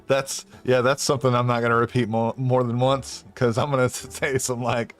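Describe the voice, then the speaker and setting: Young man streaming a game, mid pitch, laughs a lot, swears, rambles, quiet music behind. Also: level tone, brisk. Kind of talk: casual let's-play commentary. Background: faint game music.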